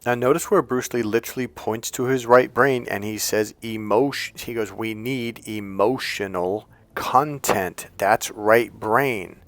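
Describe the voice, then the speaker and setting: Man, dating coach, casual monologue, animated storyteller, blunt and crude, middle pitch. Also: moderate pace, hardly any pauses, no room sound. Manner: animated storyteller who acts out the people he quotes.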